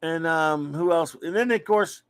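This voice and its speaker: A man's voice: on the high side, a little slow, clear, resonant tone, dry recording. A man from Louisiana hosting a casual live-stream comics chat. He rambles through strong opinions and greets his viewers in a friendly way. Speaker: livestream comics talk host.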